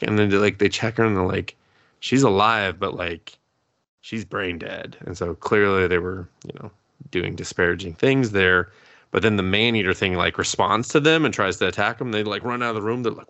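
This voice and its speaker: A man's voice: lowish voice, fairly quick. A man co-hosting a podcast, casually retelling an anime episode with lots of swearing and acted-out quotes. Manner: profane, animated storytelling, acting out quotes. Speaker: podcast co-host.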